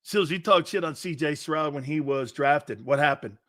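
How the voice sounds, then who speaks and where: Brash, laughing sports talk host. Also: male voice, a little high, moderate pace, fairly bright tone. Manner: brash, laughing, trash-talking storyteller.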